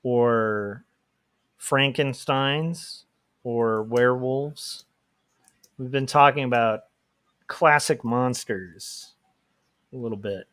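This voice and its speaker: A man's voice: medium pitch, extremely slow, pauses often, a bit bright, no echo, clean studio sound. A man chatting casually on a livestream while drawing, rambling and laughing often. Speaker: livestream host, comic artist.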